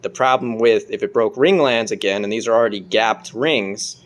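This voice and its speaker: A car vlogger with a lowish voice talks through car work in his home garage at normal speed. His garage vlog chatter is loose, casual, and profane.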